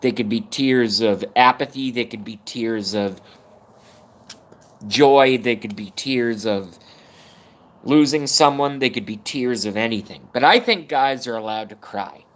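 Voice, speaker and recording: A man's voice: mid-range voice, a little slow. A man hosting his own live stream, talking in a blunt, profane, rambling monologue and holding back tears at times. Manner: profane, blunt and swings between energy and fighting tears. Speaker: YouTube livestream host.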